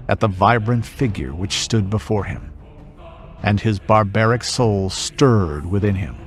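Low-ish guy reading an epic fight scene real slow and dramatic, music under it. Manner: slow, grave and theatrical. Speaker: reviewer reading a passage aloud. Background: soft background music.

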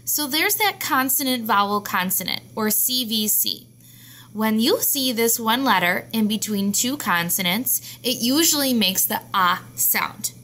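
A woman teaching a phonics lesson to young children, sounding out each letter slowly and clearly. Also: on the high side, animated, pushed and bright.

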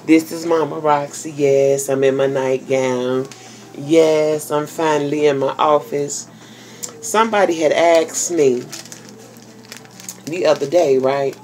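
A grandmother with a low, deep speaking voice chats casually from her home office. She talks to her viewers in a folksy, salty way, full of endearments, and sounds worn out. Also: fairly even intonation, takes it slowly, a little mellow, slight background noise. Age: older. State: tired. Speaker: vlogger. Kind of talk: casual vlog chat.

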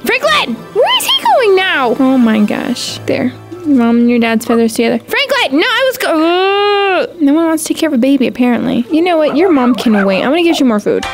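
A woman giving casual, sassy commentary while playing a game, scolding the in-game birds and squealing when excited. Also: high voice, brisk, loud music behind the voice. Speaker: gaming YouTuber.

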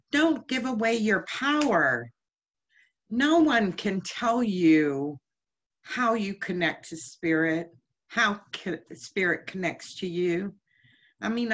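A woman's voice: mid-range voice, fairly bright tone. A woman giving a heartfelt, conversational spiritual teaching lecture at a chapel service, often asking her listeners questions. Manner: heartfelt, asks the congregation many questions.

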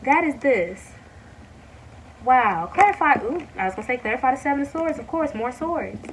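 A woman giving a casual tarot reading to her viewers, talking warmly to them as y'all and breaking into excited exclamations. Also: high voice, far from the mic, slight background noise, poor audio. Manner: excited, animated bursts with drawn-out exclamations; addresses viewers as y'all, many fillers. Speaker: tarot reader.

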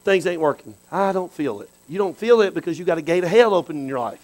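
Man, pastor, high voice, sermon, soft asides, loud bursts. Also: very fast, low-quality recording. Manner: animated preaching that swings from soft asides to shouts.

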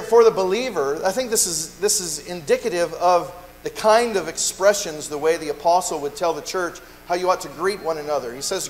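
A man preaching a sermon in earnest, acting out little exchanges between churchgoers and often restarting his words. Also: fairly high pitch. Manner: earnest preaching, acts out dialogue, frequent restarts. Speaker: pastor. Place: church sanctuary. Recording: long reverb, faint mains hum.

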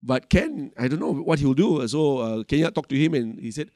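A man's voice: mid-range voice, animated, normal speed, few pauses, warm tone, dry recording, clean studio sound. A middle-aged male pastor with a Malaysian English accent, preaching a sermon in a conversational way, telling a personal story with lots of asides and fillers.

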